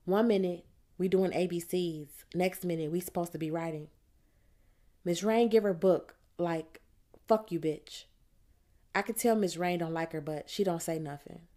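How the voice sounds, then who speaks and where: Lower-voiced woman reading an audiobook. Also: fairly even intonation, warm tone. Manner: plain, measured storytelling in the voice of a teenage girl. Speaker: audiobook narrator. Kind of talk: first-person audiobook narration.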